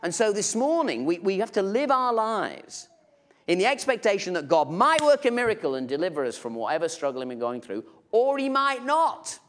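Lively preacher with playful asides. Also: male voice, sits high, fairly quick. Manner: conversational and humorous, with playful asides. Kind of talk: sermon. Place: church.

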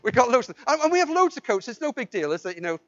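A man's voice: very high-pitched, big pitch swings, very fast, lo-fi sound. A man preaching a sermon as pastor, pleading with the congregation and asking them questions, with repeated and restarted phrases. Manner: impassioned, swings from loud pleading to quiet intensity.

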